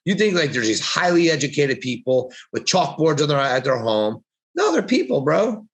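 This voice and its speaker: A man's voice: fairly high pitch, big pitch swings, moderate pace. A man co-hosting a podcast, talking in a blunt, profane, preachy way as he gives motivational advice in casual chat. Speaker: podcast co-host.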